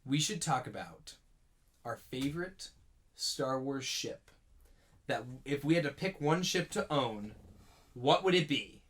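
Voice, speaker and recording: A man's voice: mid-range voice, expressive, unhurried, pauses often, a bit bright. A young man co-hosting a podcast in casual chat, blunt and jokey in a laid-back way. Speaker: podcast co-host.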